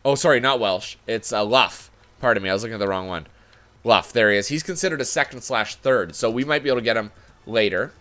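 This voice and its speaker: A man's voice: lowish voice, fast talker, pushed and bright. A man giving casual commentary on a sports management game, chatty and thinking aloud, often correcting himself as he goes. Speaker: gaming YouTuber.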